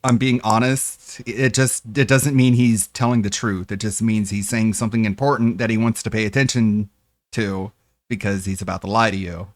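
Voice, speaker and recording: A man's voice: fairly low pitch, fairly even intonation, normal speed, no echo. A man in a played clip arguing in a mocking, incredulous way. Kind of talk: argumentative commentary.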